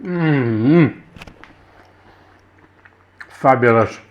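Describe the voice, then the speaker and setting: A man's voice: mid-range voice, extremely slow, highs cut off. An Englishman hosting a cooking channel, tasting his food with enthusiastic chuckles and savoring sounds. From England. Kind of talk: casual cooking vlog with tasting.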